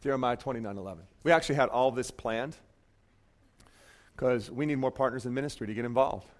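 A man's voice: mid-range voice, brisk. A man preaching a sermon in a church, telling a story with jokes and playful asides to the congregation. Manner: joking, animated storytelling. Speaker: pastor.

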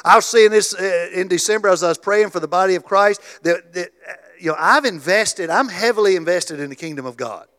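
Emphatic preaching pastor, slightly high voice. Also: male voice, brisk. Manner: repeats words and restarts, builds to loud emphatic stretches. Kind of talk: sermon. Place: church.

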